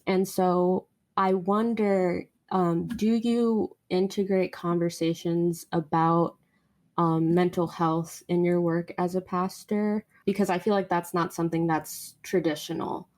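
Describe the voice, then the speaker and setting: Female podcast host, slightly low voice, measured and thoughtful. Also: steady tone, darkish tone. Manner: measured, thoughtful questions with fillers. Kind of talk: interview.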